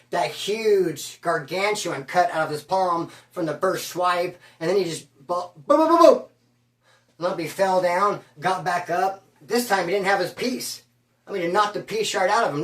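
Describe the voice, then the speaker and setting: A man's voice: high voice, fairly bright tone. A man telling a prison story in a loose, slangy way, acting out the people he quotes. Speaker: storyteller recounting prison life. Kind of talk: casual spoken storytelling. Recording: echoey room, voice from a distance.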